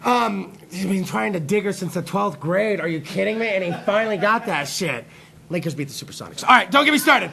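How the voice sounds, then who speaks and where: A man hosting a live internet talk show, telling a profane, rambling, excitable comedic rant. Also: high-pitched, a little fast, creaky.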